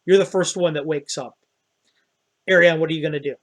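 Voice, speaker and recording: A man running a tabletop game as dungeon master, describing scenes in a relaxed way with hesitant fillers. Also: fairly high pitch, a little fast.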